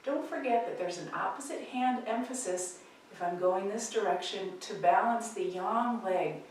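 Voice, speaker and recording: A woman leading a tai chi practice, cueing movements calmly and gently with pauses between steps. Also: medium pitch, far from the mic, slight background noise. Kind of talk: guided movement instruction. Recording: echoey room, voice from off-mic.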